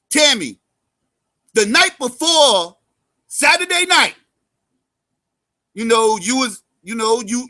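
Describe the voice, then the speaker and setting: Male vlog commentator with a strikingly high voice, cursing constantly and talking straight to his viewers as family. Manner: swings between loud outbursts and low mutters. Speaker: YouTube commentator. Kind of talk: profane storytelling commentary.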